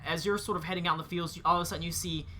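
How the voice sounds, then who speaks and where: Very bright-voiced game master. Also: male voice, a little high, fairly even intonation, a little hiss or hum. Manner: halting, full of fillers and restarts. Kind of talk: narrating a tabletop game.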